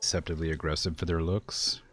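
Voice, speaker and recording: A man with a low, level, husky voice talks fast while streaming a zoo game. Tired and yawning, he rambles through casual commentary, talks to the animals, and fills gaps with lots of "like."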